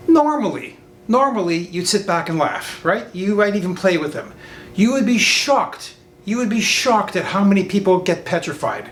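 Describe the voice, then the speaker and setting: Emphatic man with a high voice. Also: animated, moderate pace, fairly bright tone. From Canada. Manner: emphatic, repeats warnings, acts out quotes. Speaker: lawyer teaching a class. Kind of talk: online class lecture. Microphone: video call. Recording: roomy sound with faint rumble.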